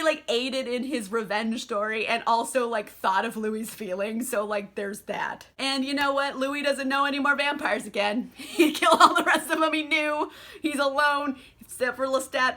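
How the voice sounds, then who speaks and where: A young woman retelling a novel's plot in loose, chatty vlog talk, swearing freely and leaning on fillers. Her voice is bright and forceful. It sits a little higher than most women's. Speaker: book vlogger. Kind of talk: casual book recap.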